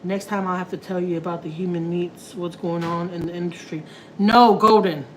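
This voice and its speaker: A woman's voice: lowish voice, fairly even intonation, normal speed, slight background noise, rough recording. A woman chatting casually to her live viewers while cooking in her home kitchen. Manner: chatty, slangy, laughing asides. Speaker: family vlogger.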